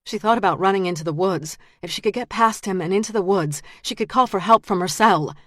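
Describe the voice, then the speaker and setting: A woman narrating an audiobook thriller in a measured, tense manner. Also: medium pitch, fairly bright tone, dry recording, clean studio sound. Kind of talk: scripted narration.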